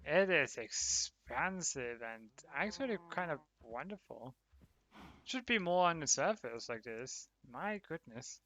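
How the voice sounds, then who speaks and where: Male streamer, slightly high voice, tense and bright tone, casual commentary to chat. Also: big pitch swings, takes it slowly, no echo. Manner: chatty, talks to viewers, laughs often. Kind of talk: casual livestream commentary while gaming.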